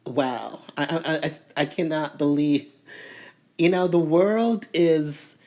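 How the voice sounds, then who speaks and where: A woman from Toronto telling a story to camera in a casual, animated way, full of "you know" fillers and indignation. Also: sits low, takes it slowly. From Toronto, Canada. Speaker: vlogger.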